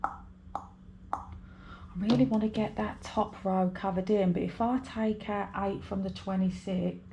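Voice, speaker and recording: A woman's voice: medium pitch, fairly even intonation, unhurried, mellow, a little hiss or hum. A British woman chatting casually to camera while budgeting, rambling and talking to herself. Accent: British English. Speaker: budgeting vlogger. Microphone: overhead camera mic.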